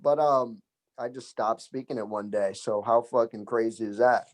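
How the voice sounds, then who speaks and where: A man's voice: mid-range voice, fairly even intonation, normal speed. A man who is a comedy guest on a podcast, chatting casually with dry jokes and frequent laughs. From United States. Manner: laid-back, dry jokes, laughs often.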